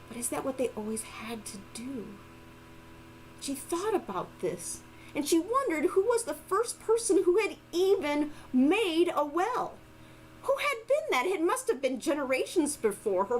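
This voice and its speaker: A woman telling a folk tale aloud, expressive and lively. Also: sits high, slight background noise, poor audio. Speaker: storyteller. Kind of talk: oral storytelling.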